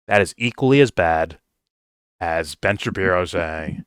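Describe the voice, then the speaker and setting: Blunt, foul-mouthed man with a deep voice. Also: expressive, a little slow, smooth, no echo. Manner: blunt, profane, swears freely. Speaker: film reviewer. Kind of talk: casual commentary rant.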